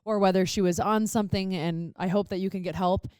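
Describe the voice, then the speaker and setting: A young woman co-hosting a casual podcast, her voice mid-pitched and lively. She tells a story with swearing and plays out her own reactions. The sound is dry and close to the mic. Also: brisk, clear, resonant tone, dry recording. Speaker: podcast co-host.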